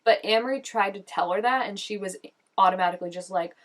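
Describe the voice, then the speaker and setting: A woman's voice: mid-range voice, quick pace. Chatty young woman gushing over a show. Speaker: reaction vlogger. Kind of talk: casual reaction commentary.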